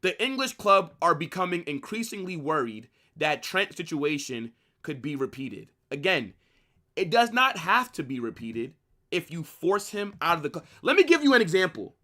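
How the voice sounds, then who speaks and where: Brash young man ranting, bright voice. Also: a little high, very animated, moderate pace. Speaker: football channel host. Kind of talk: fan commentary rant.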